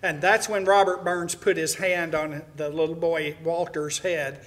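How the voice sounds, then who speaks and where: A man's voice: a little high, flat delivery, measured pace, fairly bright tone. A middle-aged man preaching to his congregation, telling a story in a folksy way with many "uh"s and restarts. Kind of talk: sermon to a congregation.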